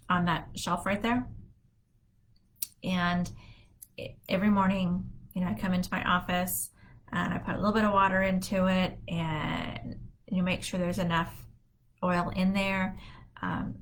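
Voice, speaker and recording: Middle-aged woman, wellness host, easygoing rambling delivery, low-ish voice, home office. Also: poor audio. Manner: relaxed, rambling, many fillers. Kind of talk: casual solo talk.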